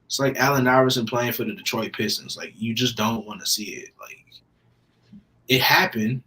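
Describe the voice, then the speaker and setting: A man's voice: medium pitch, fairly even intonation, moderate pace, bright, forceful tone. A man co-hosting a podcast, laid-back and joking in casual chat. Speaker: podcast co-host. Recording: voice a bit distant from the mic.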